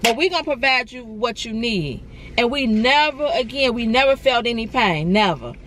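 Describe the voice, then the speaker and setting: Woman vlogger, higher voice, earnest and encouraging, repeats herself, faint traffic hum behind. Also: moderate pace, a bit bright. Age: adult. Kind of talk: emotional storytime vlog.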